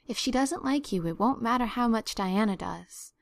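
A woman voicing a stern, practical older woman guardian who talks in a brisk, scolding, no-nonsense way. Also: on the high side, lively intonation, gravelly.

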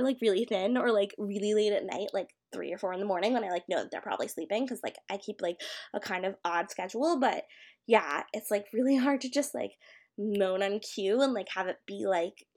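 A woman's voice: mid-range voice, gravelly. A young woman at home, casually answering a questionnaire as an amateur audio creator, rambling and hesitant with many filler words. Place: her home.

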